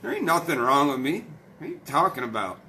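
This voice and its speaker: Rowdy, profane man, high and lively. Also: fast, noisy background. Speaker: live-stream host. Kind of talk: casual late-night live-stream chat.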